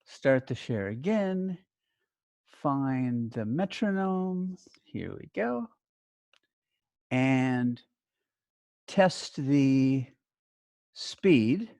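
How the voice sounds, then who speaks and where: A middle-aged male teacher speaks slowly and carefully over a video call, his pitch rising and falling in lively swings as he stresses key words. The sound is dry, with almost no room echo. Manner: clear, deliberate instruction-giving with emphatic stress. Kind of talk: online class instructions.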